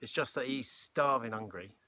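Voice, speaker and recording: Casting: bossy grumpy boy, curt and snappy, louder than the narration, voiced by a male reader. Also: mid-range voice, moderate pace, no room sound, lightly acted. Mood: demanding.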